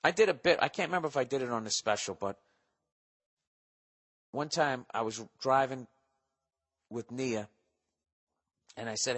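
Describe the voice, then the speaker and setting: A man's voice: mid-range voice, normal speed, long pauses, long reverb tail. A man in his forties hosting a podcast, rambling through listener mail in a profane, sarcastic, comedic monologue. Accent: Boston. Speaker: podcast host.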